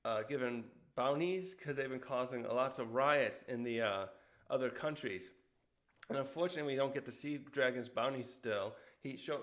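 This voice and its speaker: A man's voice: medium pitch, a bit bright. A young man casually recapping a comic chapter, rambling with many fillers and acting out the characters' quotes in a raised voice. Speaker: manga reviewer.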